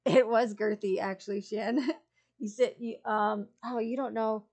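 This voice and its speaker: A woman's voice: a little high, fairly even intonation, a little slow, a little mellow. A woman streamer chatting casually with her viewers, rambling and giggling, full of fillers and restarts. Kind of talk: casual chat with live chat.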